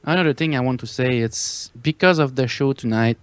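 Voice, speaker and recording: A man calling in to a wrestling show, talking in a slow, halting way. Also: medium pitch, clean tone, no room sound. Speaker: caller. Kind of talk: casual call-in chat.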